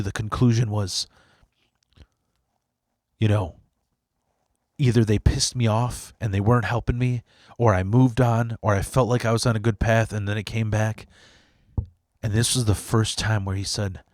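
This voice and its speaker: A man's voice: fairly low pitch, steady tone, unhurried, long pauses, no room sound, clean studio sound. A man hosting his own show, talking candidly and emotionally, swearing freely and restarting his sentences as he tells a personal story. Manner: emotional and profane, with frequent restarts. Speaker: podcast host.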